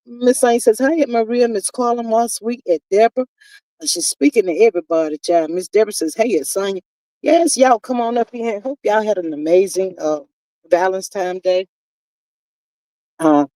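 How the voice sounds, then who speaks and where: Hosting a laid-back livestream, a woman reads viewers' comments aloud with lively sass, drawling out "honey" and "child," her medium-pitched voice a bit congested from her sinuses. The recording is dry and low quality.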